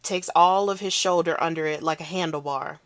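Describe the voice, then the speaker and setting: A woman's voice: deep voice, steady tone, a little fast, no room sound, lightly acted. A woman reading aloud as a big, tough-talking man telling his story in a brash, swaggering first person. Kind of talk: read-aloud novel.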